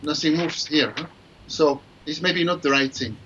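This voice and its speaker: A man's voice: on the high side, moderate pace, noisy background. A man, a guest oboist, explaining his practice technique in an online interview and singing syllables to demonstrate. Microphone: video call. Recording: muffled lo-fi online call with faint ambience.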